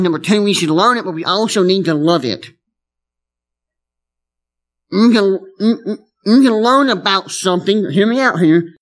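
Guy preaching a sermon, kinda high voice, stops and restarts a lot, leans on his points. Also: a bit bright. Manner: emphatic, repeats himself, frequent restarts. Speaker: pastor.

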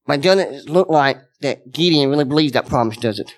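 A man's voice: mid-range voice, a little fast. A man preaching a sermon, earnest and conversational, speaking directly to his congregation and repeating key words for emphasis.

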